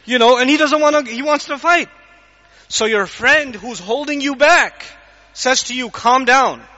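A man delivers a lively religious lecture in a very high, bright voice. He acts out little scenes and keeps asking the audience questions. The recording is dull and lo-fi. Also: a little slow, big-room sound. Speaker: Islamic lecturer.

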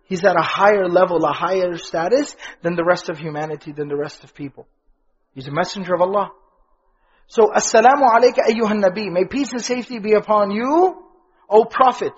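A man's voice: high-pitched, a little fast, husky, dull audio. A man teaching an Islamic lesson, explaining the meaning of prayer words, asking questions and answering them himself, with Arabic terms woven in. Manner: explanatory, asks and answers his own questions; fluent Arabic terms, repeats key phrases for emphasis.

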